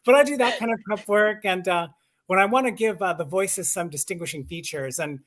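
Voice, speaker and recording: On a live stream, this man talks enthusiastically and informally about his work in voice acting and audiobook narration, often chuckling at himself. He speaks fairly quickly in a voice that sits high with a fairly bright tone.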